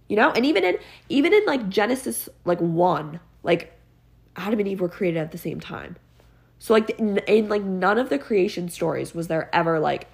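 A teenage girl with a low, heavily gravelly voice, sounding congested from being sick. She hosts her own podcast and rants in a casual, sarcastic, exasperated way, filling her talk with "like". Her low pitch and rough fry stand out. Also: big pitch swings, moderate pace. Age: teens. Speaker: podcast host. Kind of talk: casual ranting monologue.

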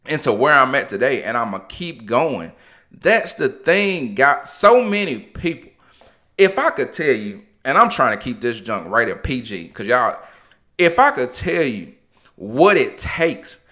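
A man delivers a motivational podcast monologue. His voice is bright and forceful, and he talks informally and preaches encouragement, hammering his points with repetition. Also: medium pitch. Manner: impassioned, preachy, informal, repeats phrases. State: emotional. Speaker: podcast host.

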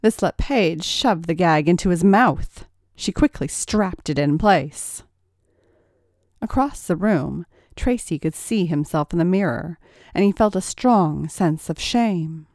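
A woman reading a story aloud in a measured, expressive narration. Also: fairly low pitch, no room sound, studio quality. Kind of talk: audiobook narration.

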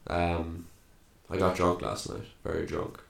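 A man's voice: deep voice, animated, unhurried, vocal fry. A young man co-hosting a podcast, joking and laughing through casual stories. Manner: laughing, jokey storyteller. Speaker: podcast co-host. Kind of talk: casual banter. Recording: echoey room.

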